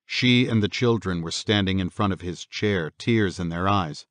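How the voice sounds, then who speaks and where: A man with a very deep, low voice reads a horror audiobook in a measured, steady way. He speaks close to the mic. The sound is dry, with no room around it. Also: no echo. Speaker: audiobook narrator. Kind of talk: scripted horror audiobook narration.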